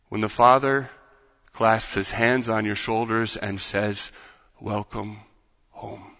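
A man preaching a sermon in rhythmic, repeated phrases that build to loud, impassioned peaks. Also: on the low side, level tone, slow, vocal fry. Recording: dull sound with long hall reverb.

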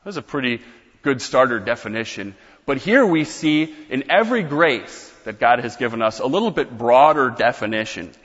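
A man's voice: mid-range voice, expressive, normal speed, a bit bright, long reverb tail, dull audio. A man preaching a sermon as pastor, explaining scripture in a conversational teaching manner with casual asides.

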